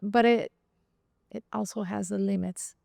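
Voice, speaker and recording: A woman's voice: mid-range voice, fairly even intonation, a little slow, gravelly, dark tone, no echo, clean studio sound. A woman who is a podcast guest, talking reflectively and a little hesitantly in a casual roundtable chat. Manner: reflective, hesitant, with frequent ums.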